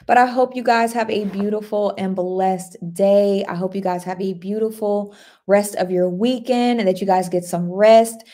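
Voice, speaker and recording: Hosting a relaxed livestream, this woman has a mellow mid-range voice with fairly even intonation and a moderate pace. She chats cheerfully, reads out comments from viewers, and welcomes people by name.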